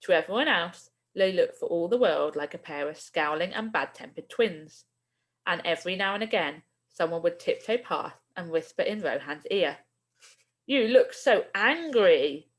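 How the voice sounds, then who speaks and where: A woman, a primary school teacher, reading a children's book aloud with expressive storytelling. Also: on the low side.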